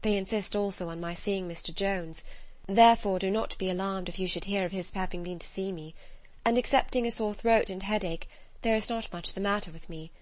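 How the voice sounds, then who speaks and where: A woman voicing a gentle, mild young woman with a soft, quiet manner in an audiobook. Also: medium pitch, steady tone, a little fast, dry recording, lightly acted.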